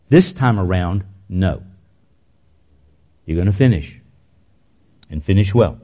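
An older man preaching a sermon in a church, telling stories and dropping into soft, intense passages. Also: deep voice, measured pace, long pauses. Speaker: pastor.

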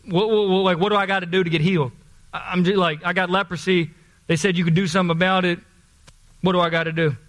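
A man's voice: sits high, steady tone, fast, a bit bright. A man voicing an impatient army commander who rambles and repeats himself in exasperation. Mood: exasperated. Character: impatient, fed-up male army commander seeking a cure.

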